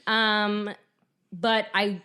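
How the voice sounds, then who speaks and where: A woman's voice: mid-range voice, little pitch movement, very slow, crowd noise. Chatty laughing woman from New England. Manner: chatty, laughs often, trails off and restarts. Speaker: podcast co-host. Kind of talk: casual chat.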